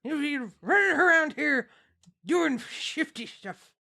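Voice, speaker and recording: A woman voicing a gruff, stubborn male bandit in a tabletop game, talking crude backwoods slang in a raised voice. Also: high-pitched, expressive, slow, sharp tone, pitched above the performer's own voice, full character voice.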